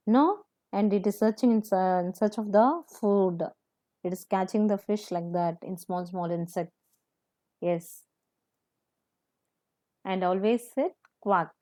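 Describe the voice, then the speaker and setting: A woman teacher, explaining a children's poem slowly and patiently, repeating words and asking the class questions. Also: mid-range voice, mellow. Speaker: primary school teacher.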